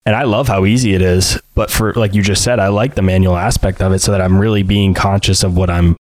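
Male podcast host, low voice, relatable and conversational, dry recording. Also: fairly even intonation, fast, a little mellow, no room sound. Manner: friendly, relatable, asks long lead-in questions. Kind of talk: interview hosting.

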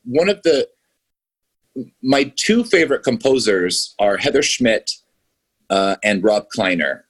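Husky-voiced man, enthusiastic and rambling. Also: lowish voice, a bit bright. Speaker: filmmaker guest. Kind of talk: casual podcast interview.

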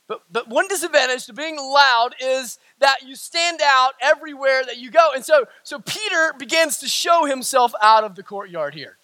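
Male pastor, sermon delivery, emphatic, with jokes along the way; bright, tense voice. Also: extremely high pitch, expressive, normal speed, dry recording. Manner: emphatic, repetitive, with humorous asides.

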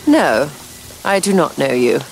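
A woman's voice: low voice, very animated, measured pace, slight background noise, exaggerated voice, poor audio. An actress playing a haughty aristocratic young lady who answers a blackmailer in a cold, clipped, dismissive way. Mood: icy. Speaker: actor in a period drama clip.

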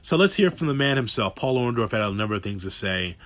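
Male host, lowish voice, casual clip intros. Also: expressive, quick pace, a bit bright. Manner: introduces clips conversationally. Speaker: show host. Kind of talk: casual commentary.

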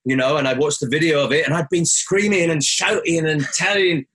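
Husky, higher-pitched man telling a story. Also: fairly even intonation, fairly quick, a bit bright. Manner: earnest, rises sharply when quoting himself. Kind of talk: reflective personal storytelling.

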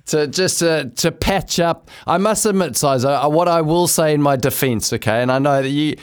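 A man's voice: on the high side, moderate pace, clear, resonant tone. A man who co-hosts a cricket talk show as a former player, chatting in an easygoing, self-deprecating way. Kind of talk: casual studio banter.

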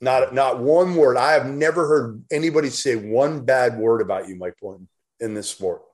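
A man's voice: mid-range voice, normal speed, darkish tone. A man co-hosting a sports talk show, speaking in a plain mid-range voice. He talks bluntly and with emphasis. Mild swearing slips in as he holds forth. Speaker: podcast co-host. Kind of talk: casual sports chat.

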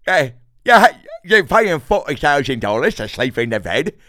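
Man doing a frantic, shrill candy-maker. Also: sing-song, normal speed, bright, forceful tone, no echo. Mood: manic. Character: money-grubbing male candy maker, manic.

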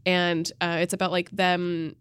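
A woman on a podcast panel in casual chat, summarizing in a measured way with hesitant fillers. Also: on the low side, flat delivery, fairly bright tone, clean tone, dry recording.

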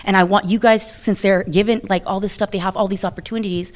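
Chatty woman wrestler, animated and laughing. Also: mid-range voice, fast. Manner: chatty, animated, laughs often, many restarts. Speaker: professional wrestler. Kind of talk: interview conversation.

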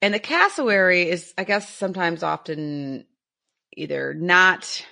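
A woman co-hosting a nature podcast in casual chat, enthusiastic and quick to laugh. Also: lowish voice, lively intonation, vocal fry, pushed and bright. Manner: enthusiastic, laughs easily, explains with some fillers. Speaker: podcast co-host.

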